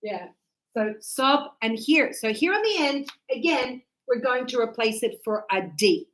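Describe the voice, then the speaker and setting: A woman teaching a pronunciation lesson, with a voice on the higher side. She talks slowly and deliberately. She acts out the examples with energy and keeps checking that the class understands. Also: lively intonation, a bit bright, low-quality recording. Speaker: English teacher.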